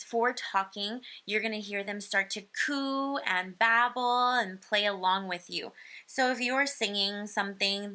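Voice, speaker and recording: A woman's voice: medium pitch, sharp tone. A woman giving an informal parenting lesson on baby speech, explaining in an easygoing way with frequent ums. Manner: explains slowly, many ums, imitates baby sounds. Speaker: speech-language educator.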